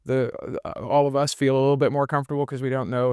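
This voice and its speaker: A man's voice: medium pitch, flat delivery, quick pace, few pauses, a little mellow, smooth, dry recording, clean studio sound. A man in his forties, a podcast host, speaking earnestly and telling stories in a reflective conversation recorded at home. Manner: earnest storytelling, acts out quoted voices. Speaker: podcast host and business consultant.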